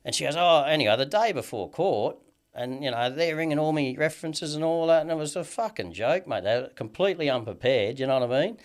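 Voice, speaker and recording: A man's voice: fairly high pitch, expressive, fast. An Australian man telling a long story in casual chat as a podcast guest, swearing heavily and rambling with lots of "you know what I mean".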